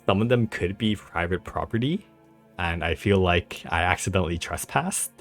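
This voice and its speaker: A man's voice: sits low, expressive, moderate pace, faint music behind. A young man telling a rambling, laughing story over his travel photos in a casual vlog, full of fillers and restarts. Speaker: travel vlogger.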